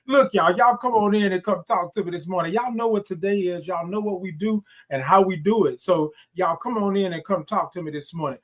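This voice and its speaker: A man's voice: high voice, brisk, hardly any pauses, fairly bright tone. A man hosting a casual morning livestream, greeting viewers by name, calling them y'all, and stretching his greetings into long sung notes. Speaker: livestream host. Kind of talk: upbeat morning livestream chat.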